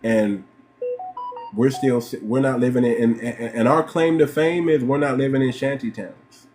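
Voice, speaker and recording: A man's voice: medium pitch, fairly even intonation, moderate pace, darkish tone, faint music behind. A man from the United States hosting a livestream, talking emphatically, repeating himself and firing off rhetorical questions. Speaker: livestream host. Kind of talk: livestream commentary.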